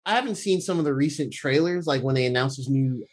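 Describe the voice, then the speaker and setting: A man's voice: mid-range voice, fast. A man co-hosting a casual podcast, talking in a laid-back way about movie trailers. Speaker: podcast co-host. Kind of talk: casual movie review chat.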